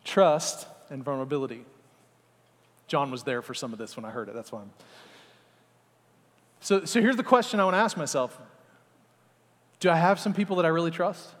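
Male pastor, high voice, animated sermon with acted-out scenes, long hall reverb. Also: moderate pace, long pauses. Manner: animated, acts out little scenes, talks to the congregation.

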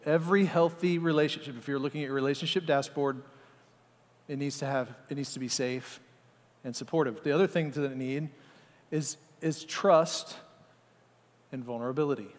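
A man preaching a sermon to a congregation, animated and acting out little scenes as he talks. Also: mid-range voice, normal speed. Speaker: pastor. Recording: long hall reverb.

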